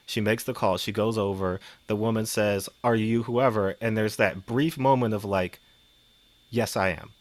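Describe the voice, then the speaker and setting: A man chatting casually as a podcast panelist, animated, acting out quotes in shifting voices, swearing freely. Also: lowish voice, moderate pace, no room sound. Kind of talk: casual chat.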